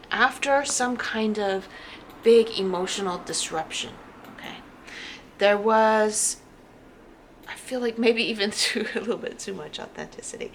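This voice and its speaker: A woman giving a casual tarot reading to camera, talking in an animated way and repeating words for emphasis. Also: medium pitch, a little hiss or hum. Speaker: tarot reader.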